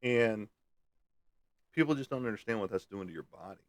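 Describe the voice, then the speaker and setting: A man with a fairly low pitch speaks animatedly and a little fast while hosting a casual livestream. He rambles in a folksy manner, chuckling as he answers viewer comments, and the recording is dry.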